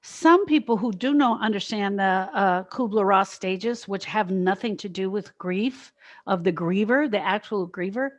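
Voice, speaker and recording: A woman's voice: mid-range voice, moderate pace. A middle-aged woman co-hosting a podcast, talking in a reflective way and thinking aloud in casual conversation. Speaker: podcast co-host, grief specialist.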